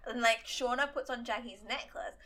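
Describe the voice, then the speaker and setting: Bright, excitable young woman chatting. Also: on the high side, moderate pace. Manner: excitable, swears often, many fillers. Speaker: podcast co-host. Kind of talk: casual chat.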